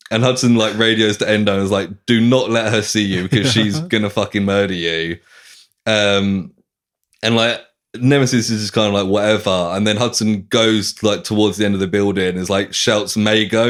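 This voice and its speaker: Low-voiced man retelling a story. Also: normal speed. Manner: animated retelling, acting out lines with swearing and laughs. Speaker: podcast host retelling a novel. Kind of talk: casual chat.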